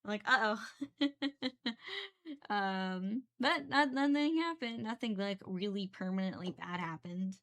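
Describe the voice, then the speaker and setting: A woman's voice: mid-range voice, a little slow. A young woman chatting casually while she paints, rambling with many fillers and small giggles. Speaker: painting streamer.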